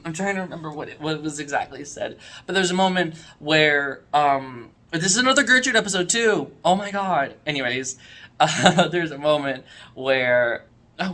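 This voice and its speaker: A man chats through his rankings of a podcast's episodes in a loose, casual way. His voice is bright and forward, and he rambles with plenty of fillers, restarts and eager asides. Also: on the high side. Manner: enthusiastic, rambling, lots of fillers. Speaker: podcast reviewer. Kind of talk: casual review chat.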